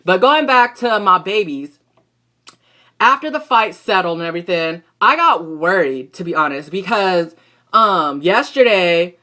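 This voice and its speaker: Unhurried and expressive, a young adult with a sharp, mid-range voice recaps a soap opera episode for a casual vlog. The delivery is gossipy, slangy and profane, with frequent retorts aimed at the characters.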